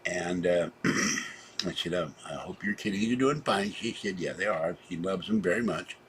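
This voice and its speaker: A man vlogging a meandering personal story in a chatty way, tired and low on energy, with sudden loud exclamations. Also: moderate pace, slight background noise.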